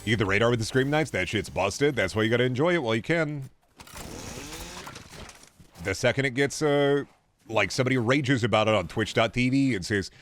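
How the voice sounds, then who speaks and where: A man's voice: lowish voice, fairly quick, a bit bright. A man streaming a game with casual, sarcastic joking commentary.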